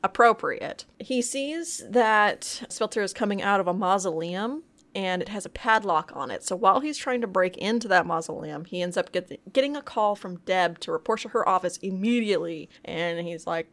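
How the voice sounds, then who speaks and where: A woman's voice: mid-range voice, normal speed. A woman co-hosting a podcast, casually retelling TV episodes and acting out the characters' lines. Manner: lively retelling, swears, acts out lines. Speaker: podcast co-host. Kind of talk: casual recap chat.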